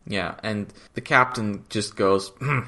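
A man co-hosting a casual podcast, chiming in with wry, quick asides. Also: fairly low pitch, pushed and bright. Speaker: podcast co-host. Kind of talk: casual chat.

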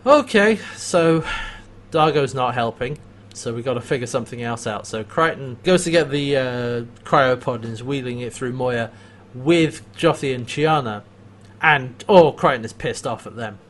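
A man's voice: medium pitch, moderate pace, slight background noise. Chatty man retelling a show, laughing. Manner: animated retelling, acts out quotes, laughs often. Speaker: podcast co-host recapping a TV episode. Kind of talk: casual chat.

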